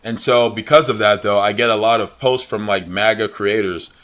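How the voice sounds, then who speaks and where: A man's voice: lowish voice, fairly even intonation, moderate pace, fairly bright tone. A young man livestreaming a game, chatting in a slangy, blunt way and saying "bro" a lot. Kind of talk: casual chat while gaming.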